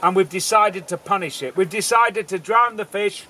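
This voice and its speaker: A man's voice: sits high, normal speed, pushed and bright, slight background noise. A man voicing an earnest, foolish villager who explains himself matter-of-factly.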